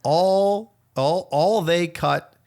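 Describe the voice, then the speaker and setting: Man, podcast co-host, gravelly, casual chat, swears freely. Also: sits high, extremely slow, a little mellow. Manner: earnest then joking, swears freely.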